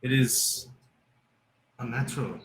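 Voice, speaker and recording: A man voicing a polite young woman worshipper who explains her prayers in a soft, matter-of-fact way. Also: medium pitch, slow pace, slight background noise, lightly acted, low-quality recording. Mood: calm, earnest.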